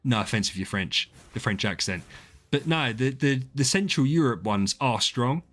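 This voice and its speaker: Brief: male streamer, casual rambling chat, animated rise and fall. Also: medium pitch, moderate pace. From southeast England. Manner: chatty, rambling, swears, reads out viewer names. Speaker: game streamer.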